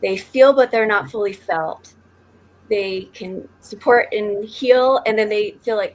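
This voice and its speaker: In a reflective podcast discussion, a woman panelist who works as an intuitive healer speaks earnestly and fluidly, using spiritual phrasing. Her mid-range voice is a little slow, and the low-quality recording has slight background noise.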